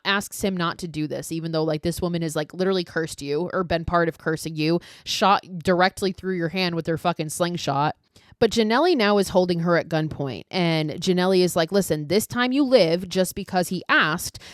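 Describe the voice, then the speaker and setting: A woman's voice: fairly low pitch, dry recording, studio quality. A woman hosting a podcast, recapping a film in a chatty, casual way, swearing freely and saying "like" often. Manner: chatty, profane, heavy use of "like". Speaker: podcast host.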